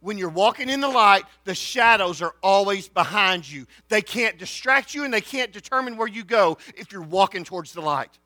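A man delivers an animated sermon in a high, bright voice. He swings from loud declarations down to hushed storytelling. The sound is dry and close, with a faint mains hum underneath. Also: moderate pace, hardly any pauses, dry recording. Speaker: pastor.

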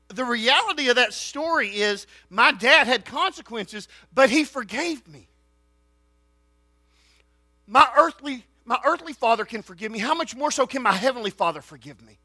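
A man preaching a sermon, swinging between loud declarations and hushed storytelling. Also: extremely high pitch, animated, moderate pace, no room sound. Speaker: pastor.

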